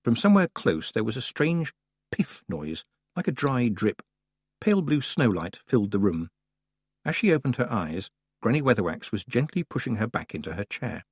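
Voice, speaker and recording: A man narrating an audiobook in an expressive, playful storytelling manner. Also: medium pitch, normal speed, husky, dry recording, studio quality.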